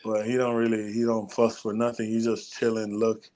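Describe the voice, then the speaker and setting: A man's voice: lowish voice, completely flat delivery, moderate pace, a little mellow. Laid-back young man chatting casually. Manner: laid-back, laughs often. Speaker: podcast co-host. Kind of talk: casual sports chat.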